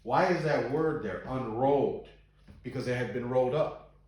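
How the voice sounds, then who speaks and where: A man's voice: mid-range voice, moderate pace, noisy background. A man leading an informal Bible study, talking earnestly and reading scripture aloud with emphasis. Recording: very echoey room.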